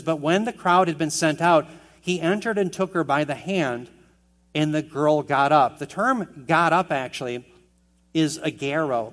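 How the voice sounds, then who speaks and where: Earnest man preaching, slightly high voice. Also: a bit bright. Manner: earnest, emphatic preaching with rhetorical questions. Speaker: pastor. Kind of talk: expository sermon.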